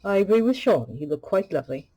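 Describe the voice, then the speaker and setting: A woman's voice: medium pitch, very animated, fast, warm tone, rough recording. A woman voicing a dry, dignified older male spy action figure. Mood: courteous.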